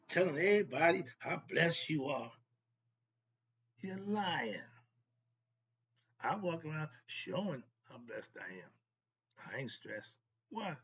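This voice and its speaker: A man's voice: on the high side, vocal fry, a bit bright, a little hiss or hum. An older man giving an emphatic, repetitive spoken monologue as a self-styled spiritual teacher, often asking himself "why?". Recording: dull lo-fi recording.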